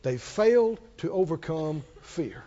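A man's voice: a little high, very animated, a little slow, warm tone. A man preaching a sermon in a church, with emphatic call-and-response preaching. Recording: long hall reverb, dull lo-fi sound.

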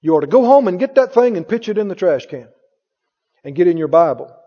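Male preacher, high voice, emphatic, rhetorical questions, echoing church, dull audio. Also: big pitch swings, fairly quick, warm tone. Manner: mimics others in a higher voice. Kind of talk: sermon.

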